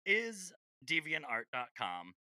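A man's voice: fairly high pitch, huge pitch swings, takes it slowly, bright, forceful tone, dry recording, studio quality. A man co-hosting a podcast, joking and teasing in casual chat. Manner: joking, teasing, laughs often. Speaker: podcast co-host.

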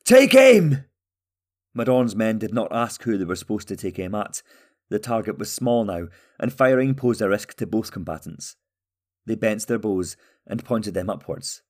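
A man narrates a fantasy novella in a steady, even manner. His voice sits low and calm, paced for scripted storytelling. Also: moderate pace. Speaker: audiobook narrator.

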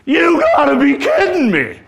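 A sneering, scornful rich landowner, loud and incredulous, as a man acts him out in a sermon. His voice leaps high above the speaker's usual pitch and rings out. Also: huge pitch swings, a little slow, creaky, noisy background, full character voice.

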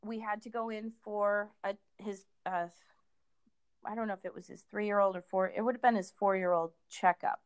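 A middle-aged woman speaking as a guest in a casual conversation, pausing often and restarting her sentences. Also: mid-range voice, fairly even intonation, clean tone, dry recording. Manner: halting, many fillers and restarts.

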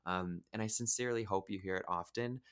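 A man hosting a podcast, gushing warmly over his guest with many fillers and restarts. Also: low-pitched, a little fast, smooth. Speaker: podcast host. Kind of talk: casual podcast chat.

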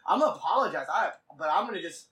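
A man hosting a casual podcast, telling a rambling, profane story in quick bursts. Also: high voice, lively intonation, fairly bright tone, far from the mic, low-quality recording. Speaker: podcast host.

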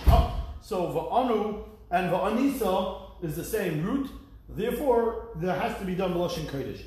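Rabbi lecturing in an echoey room. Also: male voice, on the high side, lively intonation, normal speed, darkish tone, a little hiss or hum. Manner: explains texts, reading Hebrew verses with a rising lilt; jokey asides with the class. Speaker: rabbi teaching Talmud. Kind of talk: Talmud class lecture.

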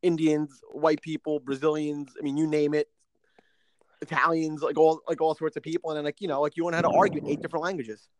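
Young man, high voice, rambling and profane, casual podcast banter, dry close sound. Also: flat delivery, fast talker, no room sound, low-quality recording. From New Jersey. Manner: loose, rambling, heavy on filler words and swearing. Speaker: podcast co-host.

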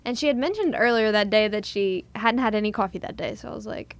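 A woman's voice: medium pitch, fast, gravelly. A young woman, chatting casually and acting out what others said as she tells a story. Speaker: guest telling a proposal story. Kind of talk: casual chat.

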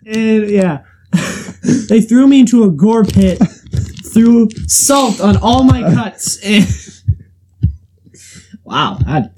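A man's voice: sits high, expressive, very slow, pauses often, background noise. A young man telling a rambling, jokey story in casual chat as a co-host, full of fillers.

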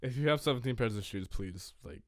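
A man's voice: medium pitch, animated, brisk, dry recording, clean studio sound. A man hosting a podcast in casual chat, teasing and joking, often laughing as he talks, recorded on a podcast mic in a small closet room. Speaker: podcast host. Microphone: podcast microphone.

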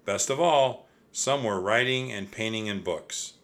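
A man reading a children's chapter book aloud as narrator, with expressive storytelling. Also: on the low side, a little slow.

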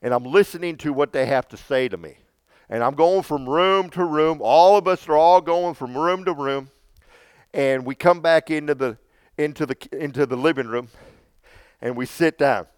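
A man's voice: a little high, normal speed, clean tone, no echo. A man casually telling a long personal story, rambling and repeating himself with frequent restarts.

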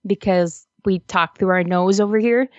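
A woman's voice: medium pitch, moderate pace, no echo. A woman in laid-back, laughing casual chat, recorded with a dull lo-fi sound.

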